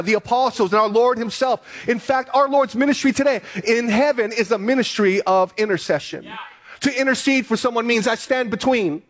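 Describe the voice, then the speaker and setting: A man preaching a sermon as pastor, reading scripture aloud and then driving points home with emphatic repetition. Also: very high voice.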